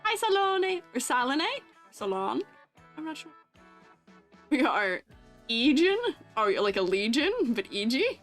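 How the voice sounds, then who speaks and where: A woman's voice: high voice, sing-song, a little slow, pauses often, a bit bright, soft background music. A young woman streamer and art teacher chatting casually with her viewers, teasing and laughing often.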